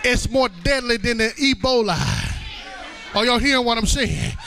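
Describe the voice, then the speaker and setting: A pastor in his forties preaching a shouted call-and-response sermon in a church, with a rhythmic cadence and an "uh" before each phrase. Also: very high voice, normal speed. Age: 40s. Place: church sanctuary.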